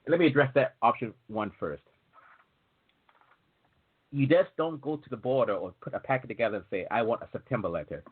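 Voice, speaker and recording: A man's voice: mid-range voice, lively intonation, moderate pace, pauses often, slightly rough. A man hosting a casual talk show about entry waivers, chatty and digressive, acting out quoted exchanges as he explains. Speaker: waiver consultant host. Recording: tinny phone-like audio.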